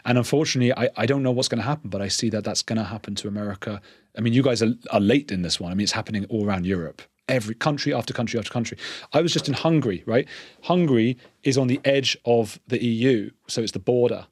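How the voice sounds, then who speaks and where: An English man, a podcast guest, talking in a quick, earnest way and restarting his sentences often. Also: medium pitch, no room sound. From England. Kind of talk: conversational interview.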